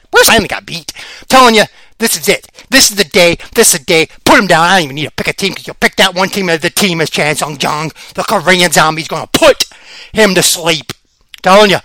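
A man hosting a podcast, giving casual fight picks in a rambling, excitable way and repeating himself, slightly out of breath. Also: high-pitched, dry recording. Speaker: podcast host. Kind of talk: casual fight-pick commentary.

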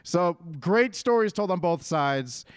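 A brash man chatting in a casual, teasing way with plenty of swearing. His voice sits a bit high, and the sound is dry and close. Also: expressive, slow pace, clean tone, no echo. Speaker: podcast co-host. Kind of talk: casual wrestling chat.

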